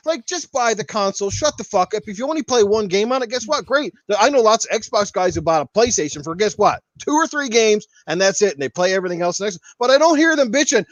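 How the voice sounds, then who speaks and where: A man's voice: high voice, animated, a little fast, few pauses, no echo. A man hosting a podcast, ranting with heavy profanity and mocking the people he argues against. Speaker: podcast host. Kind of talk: heated casual podcast rant.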